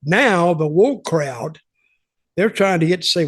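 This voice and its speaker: A man's voice: high-pitched, big pitch swings, unhurried, breathy edge. An older man hosting a podcast, telling stories in a plainspoken way with wry asides. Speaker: podcast host, former wrestling insider. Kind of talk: casual storytelling interview.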